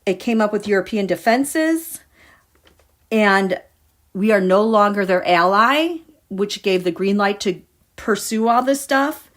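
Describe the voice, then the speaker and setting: A woman's voice: mid-range voice, lively intonation, unhurried. A woman giving a casual tarot reading to her viewers, musing and dramatic as she talks through the cards. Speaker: tarot reader.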